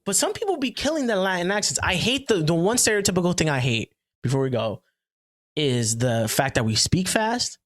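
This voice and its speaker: A man hosting a podcast in casual chat, loud, joking and full of slang. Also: high-pitched, animated, a little fast. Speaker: podcast host.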